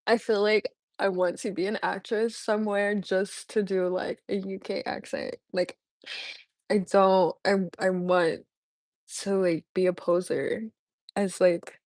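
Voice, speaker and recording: A bubbly young woman chatting with viewers on a live stream, laughing often as she answers chat questions. Her voice sits at a middling pitch. The recording is dry and close. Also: level tone, measured pace, a little mellow, no echo. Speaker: livestreamer.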